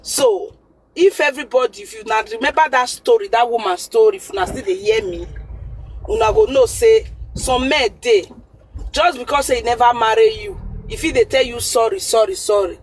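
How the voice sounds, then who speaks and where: A woman's voice: a little high, expressive, moderate pace, rough recording. A woman caller with a Nigerian Pidgin accent giving earnest advice over the phone, repeating her points for emphasis. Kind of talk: call-in advice.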